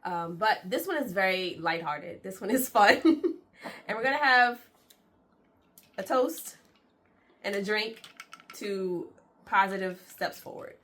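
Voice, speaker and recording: A woman co-hosts a casual parenting vlog, her voice bright and forward. She talks in an upbeat, chatty way with frequent laughter. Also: medium pitch, lively intonation, unhurried, long pauses. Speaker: vlog co-host. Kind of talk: casual chat.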